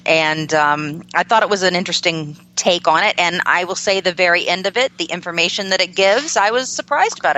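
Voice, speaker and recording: A woman appearing as a guest on a movie podcast, speaking in a measured, soft-spoken way with hesitant fillers. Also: fairly low pitch. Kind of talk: casual chat.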